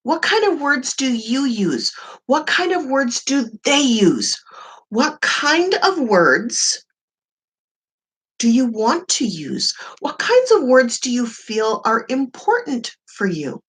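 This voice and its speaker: A woman life coach talking to camera in a slightly husky, fairly high voice. Her pitch rises and falls a lot as she makes her points. She speaks slowly and emphatically, repeating herself and asking the listener questions. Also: sing-song, fairly bright tone. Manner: emphatic, repetitive and encouraging, with rhetorical questions. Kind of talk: motivational talk to camera.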